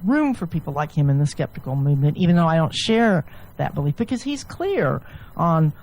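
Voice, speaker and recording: A woman physician and author, a guest, explaining ideas at length in a relaxed interview, often restarting her sentences. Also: low-pitched, brisk, rough recording. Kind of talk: casual interview chat.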